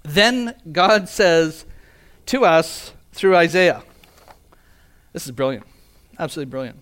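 Guy preaching a sermon, kinda high voice, earnest, leans hard on his points. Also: measured pace, long pauses, fairly bright tone. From Canada. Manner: earnest, emphatic preaching with rhetorical questions. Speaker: pastor.

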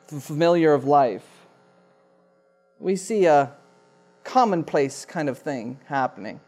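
A man's voice: a little high, darkish tone. A man preaching a sermon, emphatic and repeating key phrases for effect. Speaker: pastor.

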